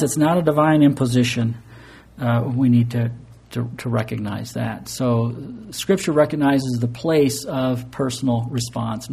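A man's voice: medium pitch, creaky, darkish tone, slightly rough. A man preaching an earnest, explanatory sermon, sometimes stumbling into fillers and restarts. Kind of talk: sermon teaching.

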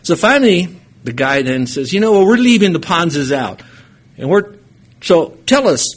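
Husky man preacher, a touch high, lively storytelling sermon with sudden emphatic lifts. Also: normal speed. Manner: storytelling, animated bursts of emphasis.

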